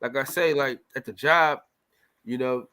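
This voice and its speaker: A man co-hosting a boxing talk show, chatting in an animated, profane, slangy way. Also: mid-range voice, measured pace, over a noisy crowd. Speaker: boxing podcast co-host. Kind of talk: casual chat.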